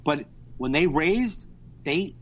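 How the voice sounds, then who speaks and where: A man chatting on a podcast over a video call, telling stories in an animated, profane way. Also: a little high, takes it slowly. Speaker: podcast co-host. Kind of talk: casual podcast chat. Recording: dull lo-fi internet call.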